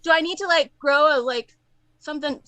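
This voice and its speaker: A woman's voice: high-pitched, fairly quick, sharp tone, dry recording. A woman performing a chatty, self-mocking stand-up set at an open mic, full of fillers. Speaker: stand-up comedian.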